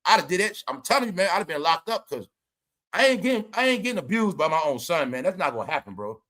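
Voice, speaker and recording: A man hosting a casual commentary show, talking in an animated, profane, rambling way. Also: high-pitched, fast talker.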